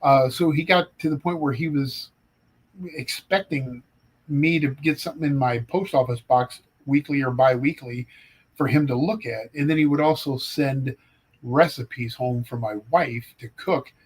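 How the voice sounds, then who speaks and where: A middle-aged man from Ohio spins casual anecdotes with a dry, dark sense of humor. His voice sits in an ordinary middle register, and he talks like a guest who is easy in front of a live audience. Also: medium pitch, fairly even intonation, a little slow, breathy edge, rough recording. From Ohio, United States. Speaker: forensic psychologist guest. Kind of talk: casual storytelling chat.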